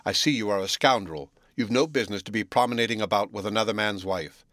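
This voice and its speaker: A proud, blunt gentleman speaks in a gruff, scolding way, as a man puts him on. His voice sits low and plain. The sound is dry and close, like a storybook read. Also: fast, no room sound, close to an everyday voice. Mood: scornful. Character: blunt proud Englishman, brusque and sarcastic.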